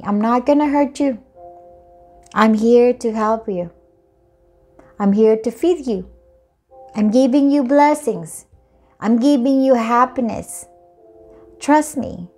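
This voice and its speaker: A woman's voice: a little high, darkish tone. A woman voicing a kind, patient divine spirit who coaxes and soothes, over faint background music. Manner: soothing, coaxing.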